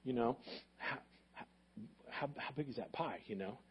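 A man pastor preaching a sermon as a lively story, acting out the dialogue and building to loud bursts. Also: medium pitch, measured pace, breathy edge. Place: church sanctuary.

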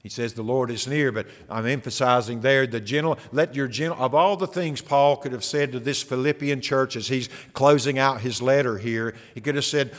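A man's voice: mid-range voice, normal speed, hardly any pauses. Man preaching in a reverberant hall. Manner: earnest preaching with rhetorical questions. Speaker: pastor. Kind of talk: sermon. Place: church sanctuary.

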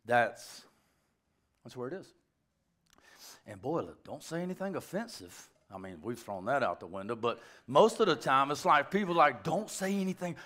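A male pastor preaching a sermon in an animated, joking way, with rambling asides. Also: mid-range voice, normal speed.

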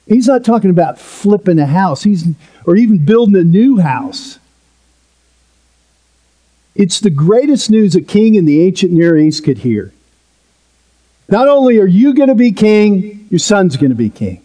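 A man's voice: high-pitched, big pitch swings, unhurried, long pauses, mellow. A male pastor preaching a sermon in an earnest, emphatic way, with playful asides.

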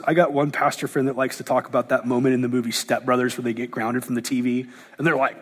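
A man preaching a sermon as a pastor, animated, often acting out the quoted voices of others. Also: medium pitch, fast talker, big-room sound.

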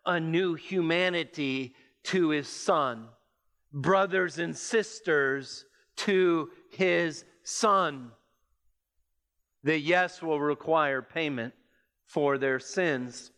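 A man preaching a sermon, reading scripture and explaining it with measured emphasis. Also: a bit bright. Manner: measured, emphatic preaching that rises in pitch as it builds.

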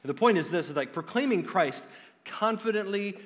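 A man's voice: high-pitched, animated, normal speed, long reverb tail. A man preaching a sermon in an earnest, direct way, often restarting his phrases.

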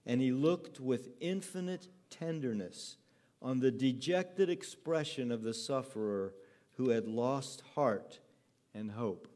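A male pastor preaching in a church hall, pitched squarely in the middle range for a man. He talks earnestly and in storyteller fashion, easing into a soft, tender tone as he speaks. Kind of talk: sermon.

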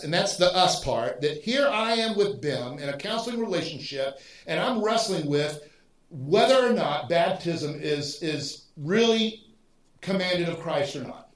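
A man, a pastor, giving a teaching sermon and thinking aloud with restarts and animated emphasis. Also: sits high, measured pace. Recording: roomy echo.

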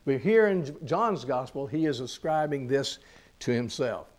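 A man preaching a sermon. He grows loud and slow when he reads scripture, drops quiet on asides, and repeats phrases for emphasis. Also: mid-range voice, lively intonation. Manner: slows on key lines, repeats phrases.

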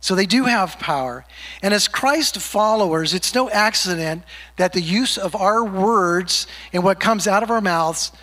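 A man with a high-pitched voice preaching to a congregation. He keeps it conversational and teases his listeners, then slows down to read verses. His voice rings out into the long reverb of a church sanctuary. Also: bright, forceful tone. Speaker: pastor. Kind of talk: sermon.

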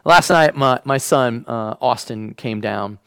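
A man preaching a sermon as a pastor. He acts out the quotes and drops to a hush when he wants a point to land. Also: medium pitch, slow, clean tone, no room sound, poor audio.

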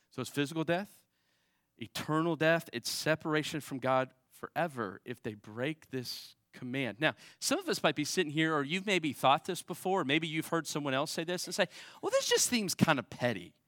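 A man preaching a sermon in a conversational way, often checking in with "right?", swinging between raised emphasis and quiet asides. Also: a little high, moderate pace, no room sound, studio quality. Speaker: pastor.

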